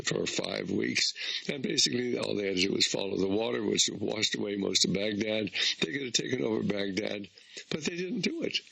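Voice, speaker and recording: A man's voice: on the low side, gravelly, bright, forceful tone, slightly rough, low-quality recording. A man hosting a radio talk show, summing up his guest's points and asking rhetorical questions.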